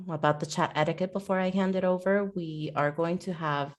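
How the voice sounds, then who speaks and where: A woman's voice: fairly low pitch, fairly even intonation, fairly quick. A woman hosting an online talk on a video call, introducing the speaker and stumbling over her words at times.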